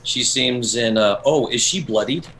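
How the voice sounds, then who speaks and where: A man's voice: mid-range voice, measured pace, a bit bright, a little hiss or hum, poor audio. A man playing in a tabletop game, hesitant and thinking aloud as he decides his moves. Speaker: player. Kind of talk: casual game play.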